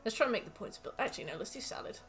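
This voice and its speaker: English woman streamer, very animated delivery, faint game music behind, casual and profane. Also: fairly high pitch, very fast. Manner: swearing, reads out ingredients, jokey rants. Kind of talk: casual gameplay commentary.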